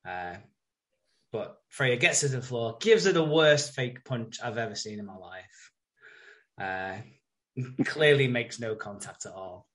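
A man hosting a casual podcast recap of a TV episode. He tells it loosely and chattily, with swearing and many fillers, in a mid-pitched everyday voice. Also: lively intonation, unhurried, a bit bright. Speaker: podcast host.

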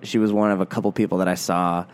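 A man's voice: low-pitched, level tone, fast, smooth. Male podcast host, put-on Irish accent, rambling, self-mocking, filler-heavy. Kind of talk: casual rambling podcast monologue.

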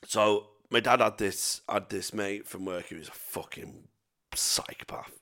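A man's voice: lowish voice, measured pace, vocal fry, pushed and bright. A young man telling sweary, rambling stories in casual chat as a podcast co-host. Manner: sweary, rambling anecdotes with self-mocking laughs.

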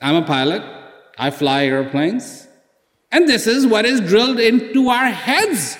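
A man's voice: high voice, big pitch swings, measured pace, fairly bright tone. A man giving a motivational speech, building his points with rhetorical questions, repeated words and acted-out exchanges. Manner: emphatic, repeats key words. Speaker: public speaker. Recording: echoey hall reverb.

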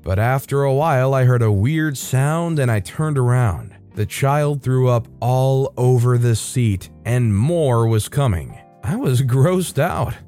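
A man telling a reader's story in scripted narration, relaxed, sometimes slowing down for effect. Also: medium pitch, soft background music.

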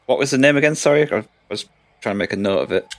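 A man's voice: medium pitch, lively intonation, racing, no room sound. A man playing a tabletop game with friends over a voice call. He chats in a playful, casual way. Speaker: player. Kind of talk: casual role-play chat.

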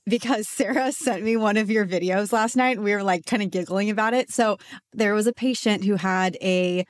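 A woman's voice: medium pitch, moderate pace, no echo, studio quality. A woman co-hosting a podcast, asking questions in an upbeat, enthusiastic way. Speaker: podcast co-host. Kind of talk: casual podcast chat.

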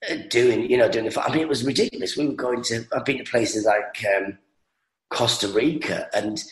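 Man, comedian, medium pitch, rambling storyteller, roomy echo. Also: normal speed. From England. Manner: rambling anecdotes, many fillers and restarts. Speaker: stand-up comedian. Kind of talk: casual interview chat.

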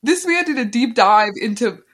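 A woman's voice: on the high side, animated, normal speed, a bit bright. A young adult woman hosting a podcast in casual chat, talking loosely and saying "like" a lot. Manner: chatty, sprinkles "like" through her talk. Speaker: podcast host.

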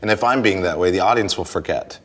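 A man with a very deep, low voice chats loosely in an interview, looping back over his words. He laughs easily and keeps restarting his thoughts as they come to him. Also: quick pace, a bit bright. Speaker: guest, stage performer. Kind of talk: casual interview conversation.

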